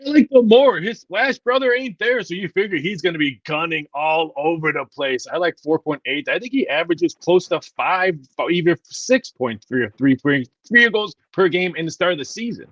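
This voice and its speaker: A confident, jokey man gives his picks on a sports betting panel. His voice is fairly high. The audio is dull and lo-fi, with a dry, close sound. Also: expressive, moderate pace, hardly any pauses, a bit bright, no echo. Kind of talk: sports betting show chat.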